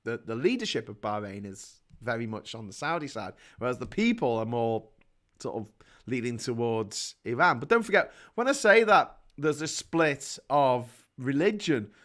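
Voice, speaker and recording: A man hosting a casual show, chatting in an animated way, telling anecdotes and reading out viewer comments with mocking asides. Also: a little high. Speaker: host.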